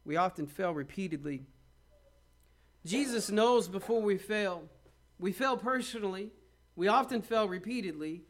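A man's voice: high voice, expressive, normal speed, pauses often. A man preaching a sermon, with dramatic quoted asides and rhetorical questions. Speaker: pastor.

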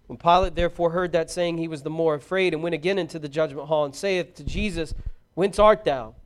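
A man giving a solemn, measured formal scripture reading. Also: a little high, fairly even intonation, slight background noise. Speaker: scripture reader.

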